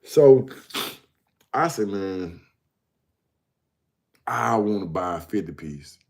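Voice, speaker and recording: A man's voice: on the low side, lively intonation, takes it slowly, vocal fry, a little mellow. A man hosting his own show, telling stories casually, often laughing and calling the listener bro. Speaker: host. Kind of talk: casual storytelling.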